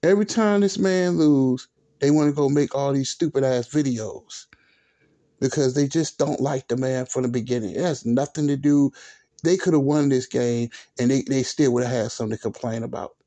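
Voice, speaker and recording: A man's voice: mid-range voice, moderate pace, dark tone. A man hosting a sports vlog, ranting in an exasperated, repetitive, profane way with speech. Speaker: sports video host.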